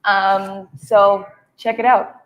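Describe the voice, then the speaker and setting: Woman livestream host, middling pitch, rambling and chatty. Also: level tone, slow, low-quality recording. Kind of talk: casual livestream introduction.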